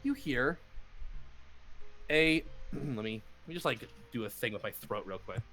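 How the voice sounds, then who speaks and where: A man narrating a tabletop game as game master, halting speech with many fillers and restarts. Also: medium pitch, animated, sharp tone, slight background noise.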